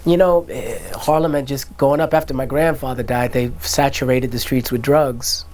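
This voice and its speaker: A middle-aged man tells his life story in a relaxed interview. His delivery is animated, and he slips into the voices of relatives as he goes. His pitch sits in an ordinary middle range. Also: moderate pace. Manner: animated, acts out family voices and quotes. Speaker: interview guest, musician. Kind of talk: candid storytelling conversation.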